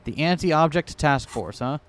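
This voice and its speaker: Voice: mid-range voice, expressive, measured pace. A streamer casually chatting and joking while playing a video game. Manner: joking, swearing asides. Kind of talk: casual game play-through.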